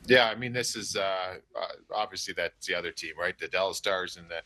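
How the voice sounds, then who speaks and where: Bright-voiced, rambling hockey analyst man. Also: low-pitched. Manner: rambling, halting restarts, thinking aloud. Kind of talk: casual sports talk show banter.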